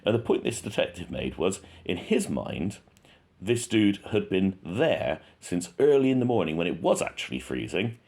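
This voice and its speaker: A man's voice: sits low, very animated, moderate pace, gravelly, a little mellow. A man hosting a true crime channel, talking casually and thinking aloud with frequent restarts.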